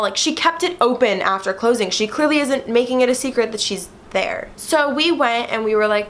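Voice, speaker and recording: A woman's voice: on the high side, a little fast, few pauses. Chatty young woman telling stories. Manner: chatty, frequent "like" fillers, animated quoting. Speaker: vlogger. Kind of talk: casual storytime chat to camera.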